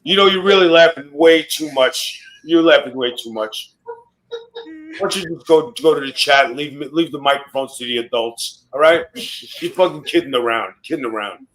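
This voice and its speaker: A man with a high-pitched voice roasts everyone around him in a brash, mock-mobster bluster. He swears constantly and tells stories about his wrestling career. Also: sing-song, normal speed, fairly bright tone, low-quality recording. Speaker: guest on a wrestling podcast. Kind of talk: profane roast and storytelling.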